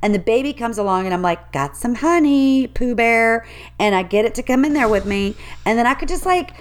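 A woman in easy podcast conversation with a mid-pitched voice. She rambles playfully, piling up daydreams and laughing as she goes. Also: quick pace. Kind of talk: casual chat.

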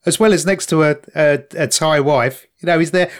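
A man's voice: a little high, moderate pace. A man in casual podcast banter, blunt and crude with jokey asides. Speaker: podcast co-host. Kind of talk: casual chat.

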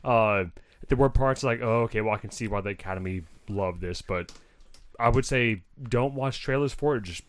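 Cheery guy on a podcast w his buddies, talks quick, laughs a lot. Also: on the low side. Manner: upbeat, quick, laughs often. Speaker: podcast co-host. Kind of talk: casual chat.

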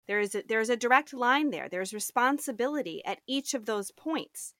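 A woman hosting an interview who speaks haltingly, repeating words and restarting phrases as she thanks her guest. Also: on the high side, expressive, fairly bright tone, no room sound, studio quality. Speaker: interview host. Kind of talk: casual interview talk.

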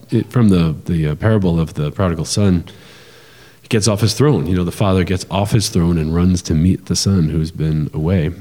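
A man's voice: deep voice, mellow, in a large hall. A man co-hosting a podcast, talking casually and with animation, explaining ideas with lots of fillers and restarts. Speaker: podcast co-host. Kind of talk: casual conversational podcast talk.

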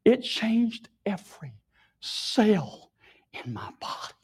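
A tearful man sharing an emotional personal testimony, often dropping his voice to a hushed whisper. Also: sits high, very animated, slow pace, husky.

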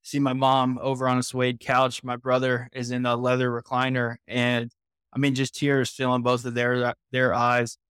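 A man's voice: mid-range voice, monotone, normal speed, fairly bright tone, clear, resonant tone, no room sound, clean studio sound. A man in his twenties from Indiana, a podcast guest earnestly recounting his personal story with frequent restarts.

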